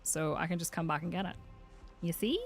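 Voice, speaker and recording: A woman from Northern Ireland with a Northern Irish accent, a game streamer chatting casually with her chat, self-mocking and quick to laugh. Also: lowish voice, faint music behind. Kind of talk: casual live-stream chat while playing.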